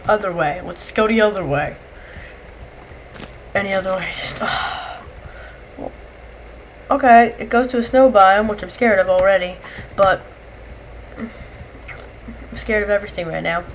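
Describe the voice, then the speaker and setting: A woman giving casual gameplay commentary, excitable and chatty, yelling and shrieking when monsters attack and chatting to the creatures. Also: mid-range voice, measured pace, pauses often, a little hiss or hum. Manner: excitable, shrieks and yells at enemies; chatty, talks to game creatures. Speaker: let's play gamer.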